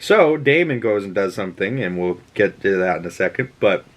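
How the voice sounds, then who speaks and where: A man's voice: low voice, fairly quick. A man with a Boston accent, hosting a podcast and rambling through a casual episode recap, acting out characters' lines as he goes. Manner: rambling, animated, quotes characters in put-on voices. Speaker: podcast host.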